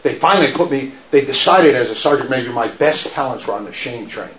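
A middle-aged man telling stories to an audience, laughing often and shouting when he acts out quotes. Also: medium pitch, lively intonation, fairly quick. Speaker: speaker giving a faith talk. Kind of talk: storytelling talk to an audience. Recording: roomy, dull lo-fi sound.

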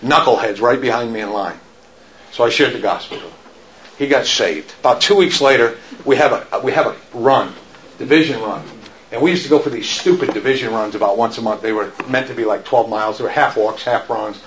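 A middle-aged man telling stories to an audience, laughing often and shouting when he acts out quotes. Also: medium pitch, a little fast, slight background noise. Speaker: speaker giving a faith talk. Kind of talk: storytelling talk to an audience. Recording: roomy, dull lo-fi sound.

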